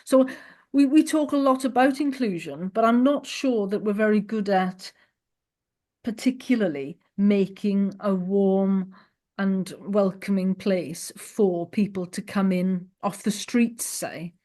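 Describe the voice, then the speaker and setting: A woman's voice: mid-range voice, slow pace, mellow. A woman hosting a podcast, earnest and thinking aloud in long, searching sentences. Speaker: podcast host. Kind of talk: conversational interview.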